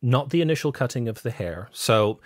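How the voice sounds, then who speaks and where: Male podcast co-host, mid-pitch, dry and measured, close and dry mic. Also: lively intonation, dry recording. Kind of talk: casual movie review chat.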